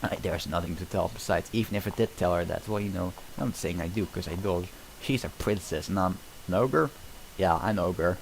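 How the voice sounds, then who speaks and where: A man reading the lines of a gruff, dismissive grown male ogre in an amateur script reading. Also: sits low, a little fast, slight background noise, poor audio.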